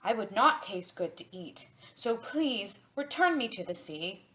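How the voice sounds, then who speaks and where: A woman's voice: medium pitch, big pitch swings, a little slow, sharp tone. A woman voicing an enchanted talking flounder who is really a prince, courteous and pleading in a storybook reading. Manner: polite, pleading then grandly granting.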